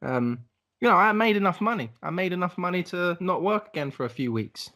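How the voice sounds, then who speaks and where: A man's voice: high-pitched, animated, a little fast, bright, forceful tone. Laid-back young man telling travel stories. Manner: laid-back storytelling, swearing, acts out voices. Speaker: podcast co-host. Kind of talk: casual chat.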